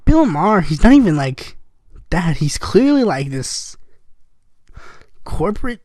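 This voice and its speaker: Young guy ranting, sarcastic and fed up, high voice, dry close sound. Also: sing-song, a little slow, darkish tone, dry recording. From United States. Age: young adult. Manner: sarcastic, mocking, exasperated. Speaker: podcast host. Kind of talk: casual political rant.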